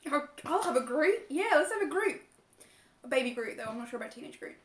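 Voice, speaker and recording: A woman's voice: high-pitched, big pitch swings, quick pace. A woman chatting and giggling while eating soup on a livestream, talking with her mouth full. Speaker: mukbang co-host. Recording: roomy echo.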